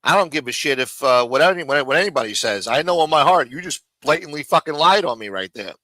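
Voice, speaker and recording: A man's voice: on the high side, expressive, quick pace, pushed and bright, dry recording, poor audio. A man hosting a live stream, ranting angrily and mockingly with a lot of profanity, talking around a throat lozenge. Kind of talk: heated live stream rant.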